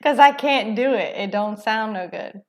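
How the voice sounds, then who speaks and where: A woman's voice: on the high side, moderate pace. A woman co-hosting a live stream, chatting casually in a bashful, giggly way. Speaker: co-host of a live cooking stream.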